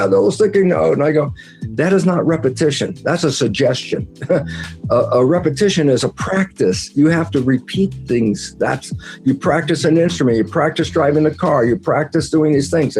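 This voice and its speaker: A man explains ideas at a medium pitch, jumping into lively acted-out quotes of his own conversations. Faint music plays underneath him. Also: normal speed. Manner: animated, acts out his own quoted dialogue. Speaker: interview guest.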